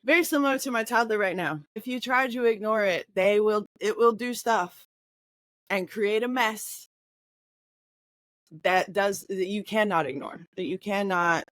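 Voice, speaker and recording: A woman co-hosting a podcast in casual chat, relaxed and rambling, building analogies as she talks. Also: medium pitch, no room sound. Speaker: podcast co-host.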